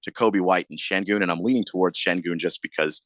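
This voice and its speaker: Low-voiced man breaking down basketball. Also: fast talker, a bit bright, no echo. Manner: thoughtful basketball analysis with frequent restarts. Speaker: sports radio co-host. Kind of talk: casual sports talk.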